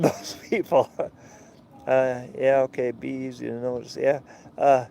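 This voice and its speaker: A man's voice: medium pitch, unhurried, creaky, dark tone. A man talking in a casual, rambling way with many fillers, outdoors. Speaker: vlogger and sailor.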